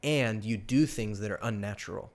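Animated young man telling stories. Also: moderate pace. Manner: animated storyteller, acts out quoted exchanges with rising pitch. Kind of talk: casual chat. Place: live stream studio.

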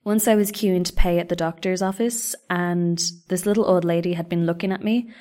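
A woman in her young adult years talks through stories of living abroad. Her voice sits a little low, and her manner is chatty and self-deprecating. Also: steady tone, a little fast, dark tone. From Ireland. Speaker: vlogger. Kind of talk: scripted travel storytelling.

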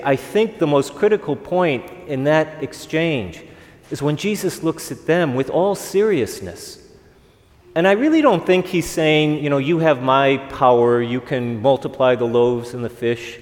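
A man's voice: on the high side, darkish tone. A man, a priest, giving a conversational homily at an evening Mass, asking the congregation rhetorical questions. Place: church. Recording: long reverb of a church.

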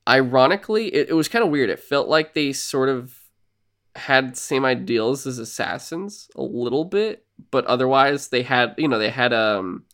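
A man co-hosting a casual podcast, recapping a video game and acting out character lines in quick put-on voices. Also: mid-range voice, animated, fairly bright tone. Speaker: podcast co-host. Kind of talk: casual chat.

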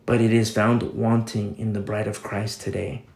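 A man's voice: on the low side, little pitch movement, normal speed, gravelly, a little mellow, roomy sound. A man preaching a conversational sermon as pastor, briefly acting out the voices of the people in his story.

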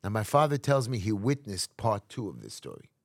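A man's voice: lowish voice, wildly swooping pitch, a little fast, gravelly, no echo, studio quality. A man, a community activist guest telling a story dramatically in an interview, emphatic and acting out quotes. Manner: emphatic, acts out quotes, restarts often.

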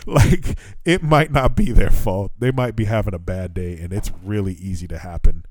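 A man's voice: on the low side, normal speed. A man hosting a podcast, telling a story in casual chat, swearing often and acting out the voices in it. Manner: profane, animated, acts out dialogue. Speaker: podcast host.

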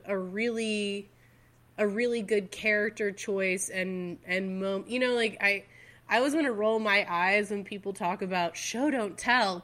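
Bright-voiced woman leading a podcast chat. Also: mid-range voice. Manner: agreeable, leads the segments. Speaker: podcast host. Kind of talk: casual film discussion.

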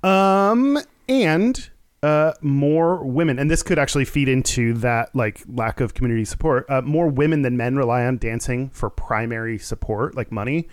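This podcast co-host from Houston, Texas keeps things loose and casual, wandering off with fillers and jokes at his own expense. He has a clear, resonant mid-range voice at a moderate pace, recorded with no room sound.

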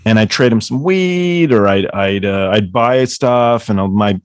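A man's voice: on the low side, unhurried, smooth, dry recording. Guy rambling thru his wild stories, swears a lot, laughs, dry close sound. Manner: rambling, profane, laughing storyteller. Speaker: author guest. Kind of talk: casual storytelling chat.

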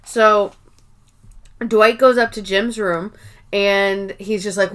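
A woman co-hosting a sibling podcast, retelling episode scenes in a casual, animated way and casually swearing. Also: medium pitch, takes it slowly. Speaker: podcast co-host. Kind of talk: casual recap chat.

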